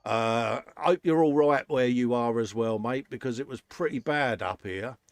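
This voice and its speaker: A man's voice: mid-range voice, moderate pace, vocal fry, no room sound. Chatty English man hosting a workshop show. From England. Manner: chatty, laughs often, says "mate" a lot. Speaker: host. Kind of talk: casual chat.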